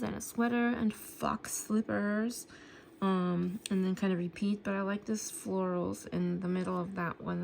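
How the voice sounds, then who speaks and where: Breathless woman with a vocal fry. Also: mid-range voice, steady tone, a little slow, a little mellow, slight background noise. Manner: chatty, with frequent "um" fillers. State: a little out of breath. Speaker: planner vlogger. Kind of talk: casual sticker book flip-through.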